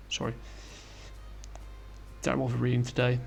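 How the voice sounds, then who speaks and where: Gravelly man rambling through a comic review. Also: mid-range voice, little pitch movement, normal speed, long pauses, a bit bright, soft background music. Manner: rambling, lots of fillers and apologies.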